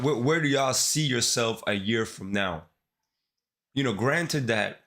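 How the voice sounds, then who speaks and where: A man's voice: mid-range voice, fairly bright tone. A man with a congested, sick-sounding voice chatting casually to his livestream viewers in laid-back slang. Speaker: live-streaming developer.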